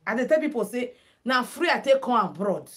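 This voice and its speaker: This middle-aged Nigerian woman speaks with a Nigerian accent in a fairly high, somewhat bright voice that swings widely in pitch and moves fairly quickly. She hosts a casual makeup and headwrap livestream on her phone, chatting with viewers in Pidgin-mixed English. She's chatty, calls her audience "my people," and uses sing-song calls.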